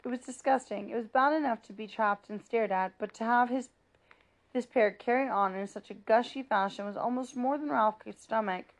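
A woman reads a children's novel aloud at a normal speed, her steady, plain narrating voice pitched slightly high. Along the way she makes small slips and restarts.

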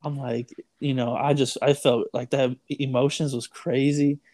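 A man's voice: medium pitch, level tone, a little slow, darkish tone, dry recording. A young man telling a story in casual chat, rambling with lots of "like", "dude" and "bro". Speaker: storyteller guest.

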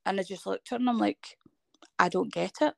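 In clean, dry studio sound, a Scottish guest in her thirties speaks briskly in a gravelly, medium-pitched voice. She animatedly tells a personal story in conversation, acting out the dialogue people spoke to her.

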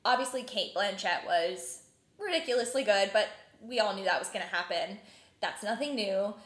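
A young woman from New Jersey hosting a casual chat, animated and full of filler words. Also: mid-range voice, moderate pace. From New Jersey, USA. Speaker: podcast host. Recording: roomy echoing room.

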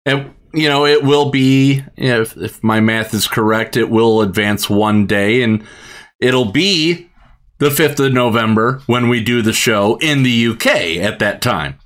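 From his home studio, a man hosts a podcast of casual chat, speaking a little slowly in a medium-pitched, fairly bright voice. He laughs often and keeps restarting his sentences.

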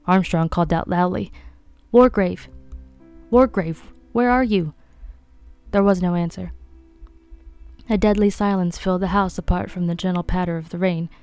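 A woman reading a mystery novel aloud in a measured, even way. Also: on the low side, clean tone, no echo, faint music behind. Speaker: audiobook reader.

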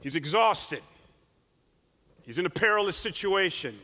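Animated male preacher in a reverberant hall. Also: high voice, unhurried. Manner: animated storytelling with repeated restarts. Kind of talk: sermon.

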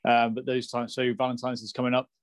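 Flat-voiced podcast co-host. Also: male voice, mid-range voice, fast, no echo. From England. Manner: explanatory, repeats words when starting phrases. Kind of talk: casual podcast chat.

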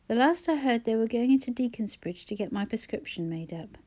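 A woman's voice: on the high side, expressive, brisk, warm tone. A woman reading the part of a wry, self-mocking woman ill with flu, with dry humour.

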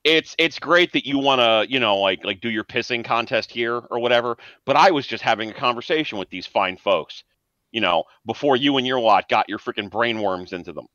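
A man's voice: medium pitch, lively intonation, brisk, sharp tone, no echo. A man voicing Genghis, a crude, mocking vampire street tough, on a dull lo-fi recording. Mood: scornful. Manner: foul-mouthed, mocking.

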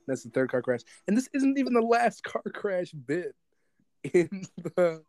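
A podcast co-host with a high-pitched voice speaks at a measured pace, with no echo in the recording. He casually and animatedly retells movie scenes, rambling as he goes and acting out quotes.

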